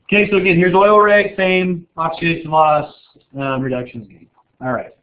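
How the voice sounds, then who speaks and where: A man's voice: fairly high pitch, expressive, normal speed. Rambling, joking male chemistry teacher. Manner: rambling, joking, full of "like" fillers. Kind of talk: casual classroom lecture. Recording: echoey room over a tinny, phone-like line.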